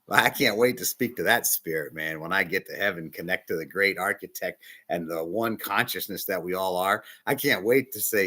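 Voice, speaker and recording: A man preaching a casual sermon as a bishop, emphatic, swinging between loud stresses and hushed asides. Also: low voice, normal speed, few pauses.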